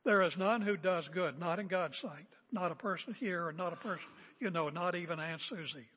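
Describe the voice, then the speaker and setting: A man's voice: high voice, normal speed, a bit bright, breathy edge. A man preaching a sermon as a pastor, emphatic and confrontational, hammering home repeated phrases. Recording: echoey hall with long reverb.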